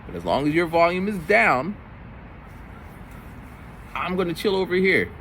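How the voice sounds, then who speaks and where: A man in his forties, a middle school teacher, telling stories from his week in a casual, animated way. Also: a little slow, a little hiss or hum. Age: 40s. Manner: animated, jumps into high voices for quoted kids. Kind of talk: casual storytelling vlog.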